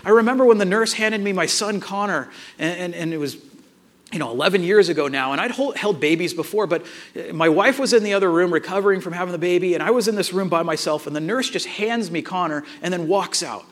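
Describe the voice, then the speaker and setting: A man in his thirties, a pastor giving a conversational sermon with tag questions and lively storytelling. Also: high voice, fast.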